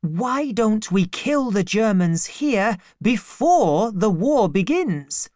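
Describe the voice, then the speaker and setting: An excitable young male servant, his voice raised well above the reader's own, bursting with blunt eagerness, as a man puts him on in an audiobook. His words come slowly and deliberately, with a clear, dry sound. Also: high-pitched, dry recording, voice pushed up, heavily acted. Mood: eager.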